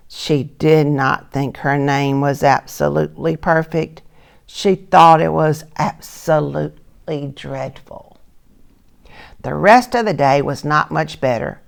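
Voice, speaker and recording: Gravelly-voiced older woman reading a storybook. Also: sits low. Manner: gentle, asks listeners soft questions. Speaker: storyteller, retired teacher. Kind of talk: reading a picture book to children.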